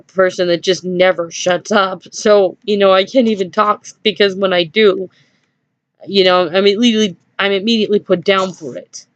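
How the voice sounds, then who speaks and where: A woman's voice: lowish voice, no echo. Woman rambling through a personal story, lots of "you know" and nervous little laughs, dry muffled lo-fi recording. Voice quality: hesitant, many fillers and small nervous laughs. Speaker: vlogger. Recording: dry dull lo-fi home recording.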